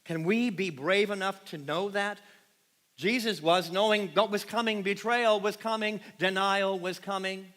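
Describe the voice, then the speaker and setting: A man preaching a passionate sermon to his congregation, swinging from loud emphatic peaks to quiet, hushed lines and often asking the room questions. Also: sits high, fairly even intonation, unhurried. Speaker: pastor. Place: large church sanctuary. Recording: long hall reverb.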